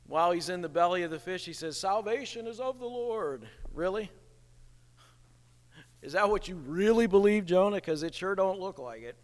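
A man preaching a sermon in an animated way, acting out the people he quotes. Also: sits high, normal speed. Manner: animated, acts out quoted voices, chuckles at the irony. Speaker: pastor. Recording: reverberant hall.

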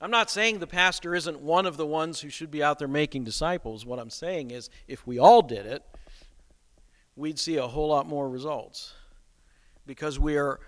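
Male preacher, slightly high voice, emphatic sermon delivery, long hall reverb. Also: moderate pace. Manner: emphatic, rhetorical questions.

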